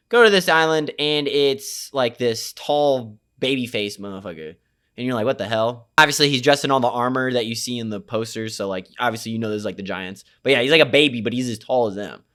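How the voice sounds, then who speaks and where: A man's voice: medium pitch, a bit bright, clean tone. A young man giving a casual, slang-heavy and profane movie recap, rambling with lots of fillers. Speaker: movie reviewer.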